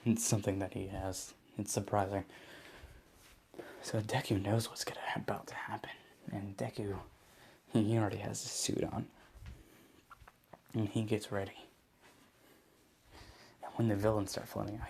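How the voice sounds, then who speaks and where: A man's voice: lowish voice, vocal fry, mellow, a little hiss or hum. A man improvising a fan story aloud, rambling with many restarts.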